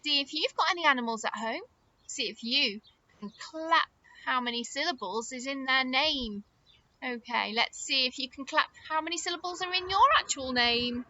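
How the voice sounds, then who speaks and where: A woman teaching a phonics lesson to young children, in a sing-song, encouraging manner with slow, exaggerated words. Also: sits high, bright, forceful tone, lo-fi sound, a little hiss or hum.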